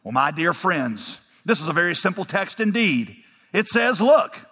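A pastor voicing a thin, plain-spoken lay preacher who pleads fervently and repeats himself, in a church. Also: male voice, sits high, very animated, normal speed, sharp tone, slightly rough, long reverb tail, voice pushed up, heavily acted. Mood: earnest. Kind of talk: sermon, quoted preaching.

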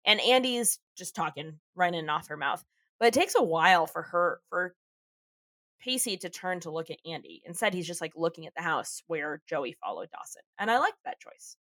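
A woman's voice: on the low side, big pitch swings, normal speed, bright, forceful tone, no echo, studio quality. A woman co-hosting a podcast, chatting casually as she recaps a TV episode, laughing often and swearing freely. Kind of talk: casual chat.

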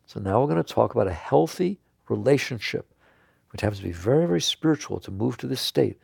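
A man giving an earnest spiritual talk to an audience, now and then laughing and jumping up in pitch for emphasis. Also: expressive, a little fast, creaky, a little mellow, husky, dry recording, clean studio sound. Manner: earnest, laughs and jumps high when emphatic. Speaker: spiritual teacher.

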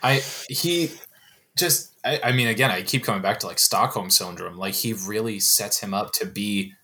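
A man's voice: fairly low pitch, normal speed, sharp tone. A young man talking as a guest on a movie podcast, rambling with lots of filler words. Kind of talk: casual movie discussion.

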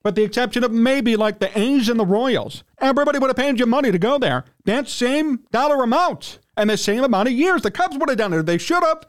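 A male sports radio host with a strikingly high voice goes on a heated, indignant rant, clearly fired up about his team and clearing his throat again and again. He's expressive, a bit fast, and barely pauses.

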